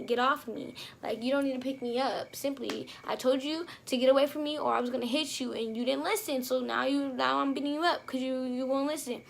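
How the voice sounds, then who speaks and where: Animated young woman telling a storytime. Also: on the high side, gravelly, a little hiss or hum. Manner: animated, slangy retelling with sound effects. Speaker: vlogger. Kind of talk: storytime vlog.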